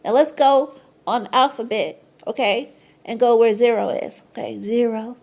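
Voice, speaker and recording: Woman with a high voice riffing on number codes, slangy, swears a lot, keeps saying okay, gets squealy and excited. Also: normal speed, vocal fry. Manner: rises to high squeals of surprise. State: tired, sleepy at times. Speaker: numerology vlogger. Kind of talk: casual explainer monologue.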